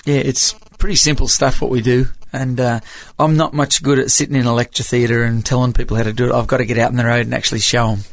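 A man's voice: medium pitch, flat delivery, fast talker, few pauses, dry recording. Middle-aged man, Australian accent with American edge, evangelist, rambling storyteller, dry close sound. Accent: Australian with American tinge. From Papua New Guinea. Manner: chatty, hesitant restarts, laughs while telling. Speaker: music evangelist. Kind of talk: storytelling interview.

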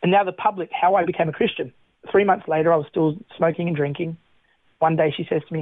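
A man's voice: fairly high pitch, steady tone, quick pace, dry recording. A man, a radio interview guest telling his faith testimony in an earnest, storytelling way, often restarting his sentences and chuckling. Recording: tinny phone line, dry.

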